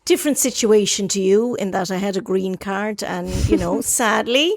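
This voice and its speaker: A woman's voice: medium pitch, moderate pace. An Irish woman in her fifties, hosting a podcast in a chatty, rambling way, with lots of fillers and restarts. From Ireland. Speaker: podcast host. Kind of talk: casual conversation.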